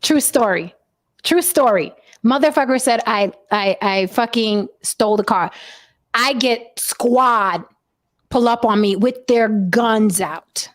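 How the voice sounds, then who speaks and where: A woman telling a wild personal story in casual chat, profane and animated. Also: on the high side, slow.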